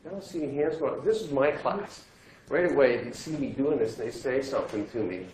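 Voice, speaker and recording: A male physics teacher giving a classroom lecture, lively and joking as he quizzes his students. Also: medium pitch, a little fast. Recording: echoey classroom, faint noise.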